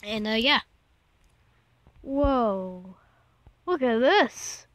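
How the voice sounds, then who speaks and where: A woman's voice: on the high side, animated, drawn-out words, a bit bright, no echo. A woman giving casual gameplay commentary, easily startled and exclaiming in fright, rambling and restarting her sentences. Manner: jumpy, keeps exclaiming in fright. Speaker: gaming channel host.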